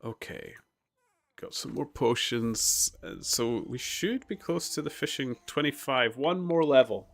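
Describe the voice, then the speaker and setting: A man's voice: mid-range voice, big pitch swings, unhurried, vocal fry, a bit bright. A man chatting casually while streaming a game, rambling through laid-back stories with plenty of filler. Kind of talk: casual chat while gaming.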